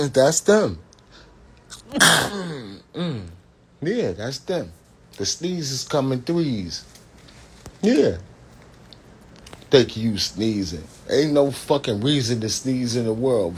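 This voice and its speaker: A man's voice: mid-range voice, big pitch swings, very slow, pauses often, a little hiss or hum. A man hosting a casual livestream, rambling and profane, laughing often as he talks. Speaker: livestream host.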